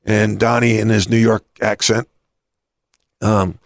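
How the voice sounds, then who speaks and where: A man's voice: fairly low pitch, fairly even intonation, takes it slowly, long pauses, fairly bright tone, no room sound, clean studio sound. A middle-aged man hosting an interview, telling stories with many restarts. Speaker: podcast host and coach. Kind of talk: conversational interview.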